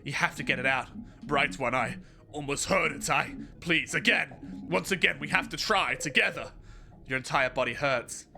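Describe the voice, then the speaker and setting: A streamer playing a story game live, reading its narration aloud with dramatic flair and breaking into loud, excited outbursts. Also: mid-range voice, normal speed, vocal fry. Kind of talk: live let's-play commentary, reading game text aloud. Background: game music.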